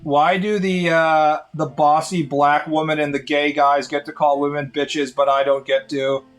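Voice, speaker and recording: A man's voice: on the high side, level tone, measured pace, faint music behind. A man chatting casually on a live stream in a sardonic, rambling way.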